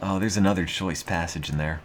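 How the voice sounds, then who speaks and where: A man streaming casually, reading aloud with a dry, deadpan, self-mocking monotone. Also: low voice, fairly quick, slight background noise. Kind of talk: casual live-stream chat.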